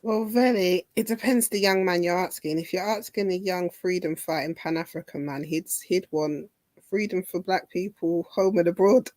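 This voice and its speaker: A woman with a fairly low voice joins a casual live debate as a guest. She speaks firmly and lectures a little, pressing others with pointed questions. The recording is dry and close. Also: normal speed, darkish tone, no echo.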